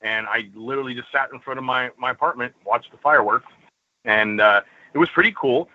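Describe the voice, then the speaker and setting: A man's voice: mid-range voice, fairly quick, no room sound. A man calling in to a talk show, joking, giggling and meandering through his thoughts. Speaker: caller. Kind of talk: casual call-in chat. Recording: lo-fi dry phone-in audio.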